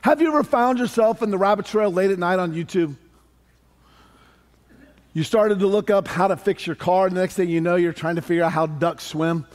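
A middle-aged male pastor delivers a sermon in a high-pitched voice. He preaches in an animated, conversational way, mixing scripture with humorous asides to his congregation. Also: a little fast.

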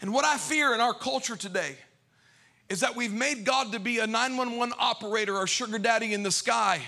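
High, bright-voiced preaching man. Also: expressive, normal speed, gravelly. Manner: swings from hushed to shouting, sing-song preaching cadence. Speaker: pastor. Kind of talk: sermon. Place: church sanctuary.

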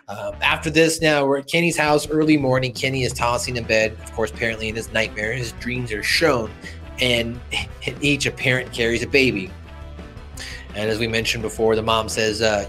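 A man co-hosting a casual podcast, retelling cartoon scenes and jumping into high put-on character voices. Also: moderate pace, pushed and bright, faint music behind. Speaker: podcast co-host.

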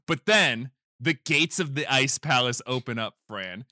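A man's voice: medium pitch, unhurried, dry recording, studio quality. A man chatting casually on a podcast, swearing and acting out scenes. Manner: animated, swears, jumps into loud impressions. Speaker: podcast host. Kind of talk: casual chat, retelling a movie trailer.

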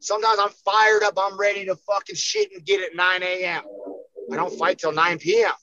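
A man's voice: high voice, animated, fairly quick, highs cut off, a crowd in the background. A man talking as a podcast guest, emphatic and full of cursing, getting fired up as he speaks. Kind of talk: casual podcast chat.

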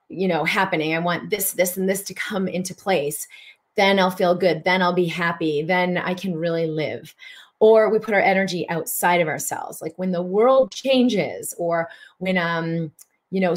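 Middle-aged woman doing a spiritual livestream talk, slightly low voice, animated, little breathy gasps. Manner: animated, breathy exclamations, greets viewers. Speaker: host of a live broadcast.

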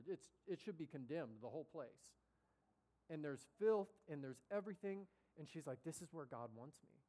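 A man preaching a sermon as a story, conversational and animated, acting out the voices of the people in it. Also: a little high.

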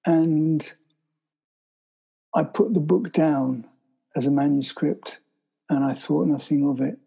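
Gravelly man telling a survival story. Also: on the high side, steady tone, warm tone, rough recording. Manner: halting, restarts sentences, vivid storytelling. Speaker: interview guest. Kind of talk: storytelling in conversation.

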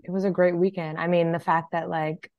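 A woman's voice: lowish voice, little pitch movement, fairly quick, no room sound, muffled recording. A young woman co-hosting a podcast in casual chat, blunt and profane, laughing often. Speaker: podcast co-host.

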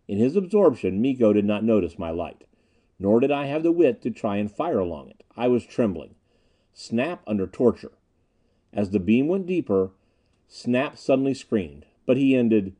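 A man giving a dramatic, expressive audiobook narration. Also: mid-range voice, normal speed, slightly rough.

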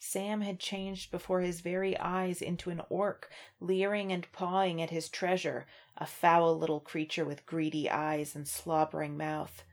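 A woman's voice: on the low side, unhurried, hardly any pauses. A woman co-hosting a casual book discussion podcast, chatting and reading passages aloud. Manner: conversational, reads passages aloud in an even voice. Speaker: podcast co-host.

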